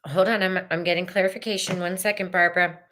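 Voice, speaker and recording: A middle-aged woman giving a slow, meandering live-stream tarot reading, soothing and full of fillers. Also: lowish voice, steady tone, fairly bright tone. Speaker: tarot reader.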